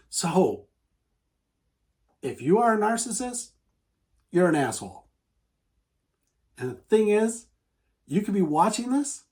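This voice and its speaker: An advice vlogger with a somewhat high, darkish voice vents to camera in an earnest, repetitive monologue. He often acts out the voices of the people he describes.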